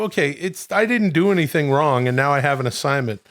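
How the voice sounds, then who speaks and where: A man's voice: medium pitch, fairly quick, hardly any pauses, a bit bright. A man co-hosting a podcast in casual chat, rambling and swearing with many restarts. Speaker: podcast co-host.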